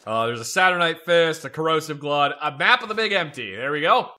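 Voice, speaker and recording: A man's voice: a little high, expressive, fairly quick, pushed and bright. A man giving playful, casual commentary on a game and reading game texts aloud.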